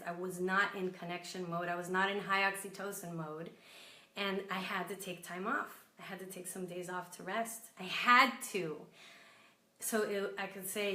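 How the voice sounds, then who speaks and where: A woman wellness coach, getting over a cold, giving an earnest self-help talk that slows into gentle guided meditation. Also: on the low side, roomy sound.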